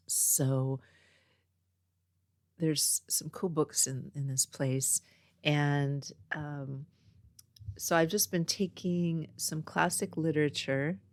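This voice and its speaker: Low-voiced, chatty woman podcast host. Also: a little mellow, dry recording. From Northern California. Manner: chatty, meandering storytelling. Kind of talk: casual chat. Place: home next to a small post office. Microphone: own podcast mic.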